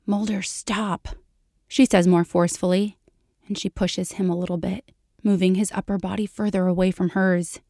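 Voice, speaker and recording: A woman reading a fan fiction story aloud in a steady storytelling manner. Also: on the low side, dry recording, clean studio sound. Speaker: reader.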